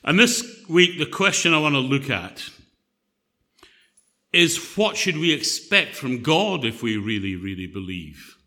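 A man's voice: mid-range voice, lively intonation, measured pace, pushed and bright. A man preaching a sermon in a conversational, joking storytelling manner.

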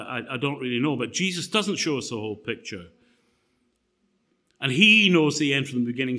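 A man's voice: medium pitch, pushed and bright. A middle-aged man preaching a sermon in a conversational way, telling a personal story with fillers and restarts.

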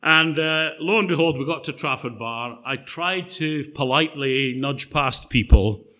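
A man's voice: fairly high pitch, a little slow, a bit bright. A middle-aged man preaching a sermon in a conversational way, telling a personal story with fillers and restarts.

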